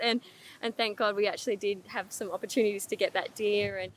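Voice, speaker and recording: A woman's voice: medium pitch, fairly even intonation, a little fast, a bit bright, a little hiss or hum. A young woman in her twenties, a media missionary guest, telling stories in an eager, chatty way with many fillers. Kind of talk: casual interview chat.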